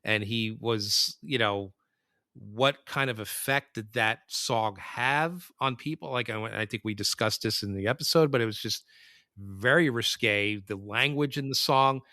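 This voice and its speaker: A man's voice: mid-range voice, a little slow, sharp tone, no echo, clean studio sound. A man co-hosting a casual podcast chat, rambling and hesitant with many fillers. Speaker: podcast co-host.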